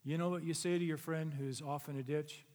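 High-voiced man preaching in a hall. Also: fairly even intonation, brisk, darkish tone. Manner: earnest, conversational preaching with rising emphatic peaks. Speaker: pastor. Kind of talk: sermon. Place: church sanctuary. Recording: long reverb of a large hall.

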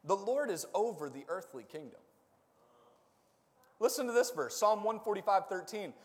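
A high-pitched man preaches in a church, his voice ringing through a long, echoing hall. He quizzes the congregation in call-and-response and swells into shouts at the peaks. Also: expressive, normal speed. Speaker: pastor. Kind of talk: sermon.

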